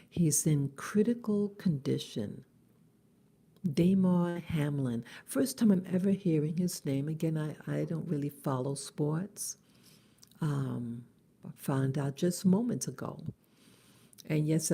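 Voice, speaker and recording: A middle-aged woman talking in a halting, casual vlog monologue in her early-morning voice, with many restarts. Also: low voice, creaky, mellow, breathy edge. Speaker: vlogger.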